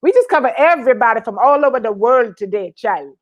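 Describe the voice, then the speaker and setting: A woman co-hosting a casual livestream chat, lively and chatty, calling out viewers by name. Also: fairly high pitch, fast talker, lo-fi sound. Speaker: co-host.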